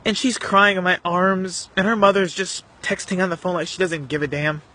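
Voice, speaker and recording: A man telling a painful personal story to the camera in an earnest, emotional, halting way. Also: high voice, steady tone, sharp tone, slight background noise. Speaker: vlogger.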